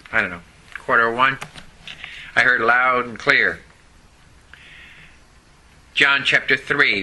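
A man preaching a sermon, slow and emphatic, repeating key words to his congregation. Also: medium pitch, sharp tone, slight background noise, poor audio. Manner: preaching slowly with emphatic repetition. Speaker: pastor.

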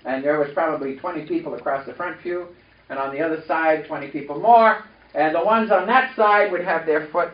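A high-voiced male preacher works the room with lively call-and-response. His voice sits well back from the microphone in a reverberant hall. The recording is muffled and dull. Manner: animated, leads congregation in call-and-response. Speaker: pastor. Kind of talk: sermon with personal story. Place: church sanctuary. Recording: echoey, distant, dull church recording.

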